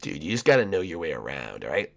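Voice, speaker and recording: A man's voice: extremely low pitch, big pitch swings, fast talker, gravelly, full character voice. A man voicing a cocky male game character who lectures others like a know-it-all bro in a Minecraft role-play. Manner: brash, bossy, calls everyone dude.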